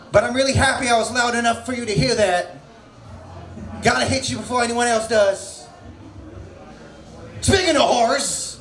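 A man doing a loud, crude stand-up set at an open mic, shouting his punchlines. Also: very high-pitched. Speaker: comedian. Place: comedy venue stage. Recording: roomy echo of a small venue.

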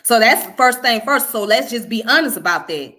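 A woman's voice: on the high side, lively intonation, brisk, bright, forceful tone. A woman with a Southern US accent giving frank, casual commentary as she answers viewer comments, repeating her points for emphasis. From Southern United States.

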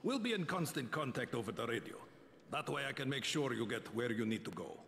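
A man's voice: medium pitch, expressive, fairly quick, fairly bright tone. An actor playing a brusque, cocky male gang lieutenant who teases and gives orders. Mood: mocking. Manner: teasing, commanding. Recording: game voice with long reverb.

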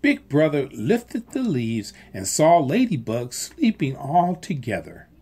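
A volunteer reads a children's picture book aloud, slow and expressive. The voice has a breathy, husky grain. Pitch moves about widely to keep the story lively. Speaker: volunteer reader.

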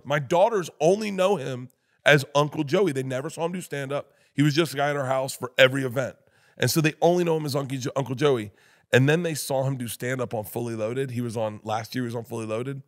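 A man spins long, rambling anecdotes on a podcast as a comedian guest. He acts out the voices of everyone in his stories and keeps breaking into laughter as he goes. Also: mid-range voice. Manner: loud rambling storyteller, acts out others' voices, laughs often. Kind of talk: casual podcast storytelling.

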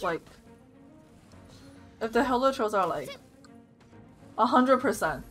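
A young woman with a slightly high voice streams a game from her desk mic. She thinks aloud as she plays and gets loud and excited when things go wrong. Faint game music plays behind her. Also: slow, pauses often. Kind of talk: live gameplay commentary.

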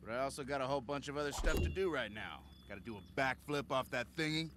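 A man playing a boastful roadie hero in a game talks in a brash, joking way at a middle pitch. Clear background noise sits under his lines. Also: fast, close to an everyday voice. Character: cocky adult male roadie hero, boastful.

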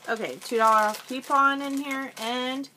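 A woman's voice: high-pitched, fairly even intonation, normal speed, sharp tone, slight background noise. A woman vlogger chatting casually through a product haul at home, talking while she eats.

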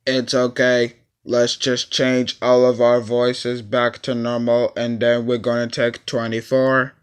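Man for a homemade cartoon skit, unhurried, smooth and clean voice, plain director talk. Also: mid-range voice, monotone. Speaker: video maker voicing his own blooper skit.

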